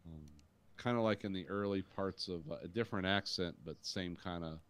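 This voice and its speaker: A man's voice: sits low, moderate pace, a bit bright. A man co-hosting a podcast, chatting casually about a film and rambling while he searches for names. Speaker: podcast co-host. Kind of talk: casual movie review chat.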